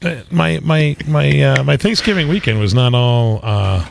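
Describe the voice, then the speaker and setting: Man, radio co-host, gravelly, halting, casual banter, faint noise. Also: mid-range voice. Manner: halting, many restarts and fillers. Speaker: radio talk show co-host.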